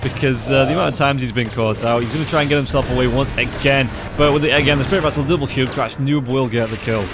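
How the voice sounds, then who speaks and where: A man giving rapid play-by-play commentary on an esports match as caster. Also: mid-range voice, music in the background. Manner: rapid, excited play-by-play calls.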